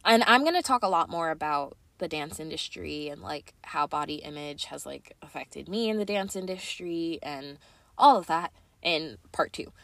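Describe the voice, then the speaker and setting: A woman's voice: sits low, lively intonation, normal speed, vocal fry, fairly bright tone, no room sound. Earnest chatty young woman, dry sound. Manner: earnest, chatty, many "like" and "right?" fillers. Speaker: podcast host. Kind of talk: casual confessional chat.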